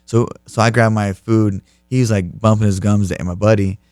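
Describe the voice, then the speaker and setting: A man's voice: fairly low pitch, normal speed, dry recording. Laid-back young man telling a story. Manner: animated storyteller, laughs through the punchlines. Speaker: interview guest, fighter. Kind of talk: casual storytelling interview.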